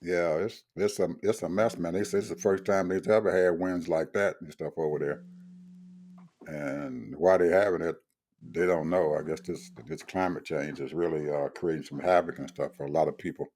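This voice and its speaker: An older man with a drawl chats casually over a call. His voice sits very low, and he rambles and repeats himself with an easygoing chuckle. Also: steady tone, moderate pace, a little mellow. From Georgia, USA. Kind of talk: casual chat.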